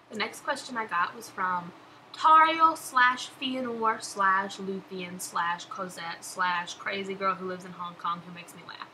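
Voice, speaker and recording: A woman's voice: mid-range voice, sharp tone, rough recording. Chatty young woman vlogger. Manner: chatty, laughing, gushing. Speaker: vlogger answering follower questions. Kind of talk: casual chat. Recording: background noise.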